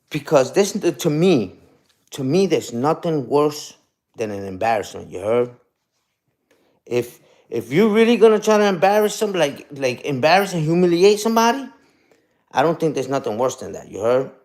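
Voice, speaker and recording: A man's voice: fairly high pitch, a little mellow. Taunting man ranting on a live stream. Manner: taunting, repetitive, peppers lines with "you heard?". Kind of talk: casual live-stream rant.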